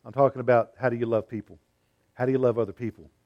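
A man preaching a sermon, asking rhetorical questions and swinging between loud and quiet delivery. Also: medium pitch, fairly even intonation, fast, highs cut off.

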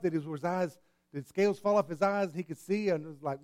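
A man preaching a sermon in a church, animated and repetitive, with sudden swings between quiet and loud. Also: sits high, a little fast. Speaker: pastor. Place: church hall with congregation.

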